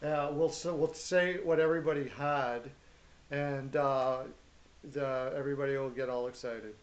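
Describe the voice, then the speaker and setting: A man's voice: mid-range voice, fairly even intonation, normal speed, dull audio. A man hosting a casual hockey chat show, upbeat and jokey as he greets viewers and talks through picks. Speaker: show host.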